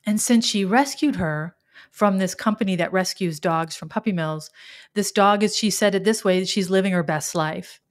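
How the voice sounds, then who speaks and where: A middle-aged woman talks through a reflective spiritual monologue as a podcast host. She is earnest and openly emotional, with a mid-pitched voice. She often stumbles and restarts as she goes. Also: measured pace.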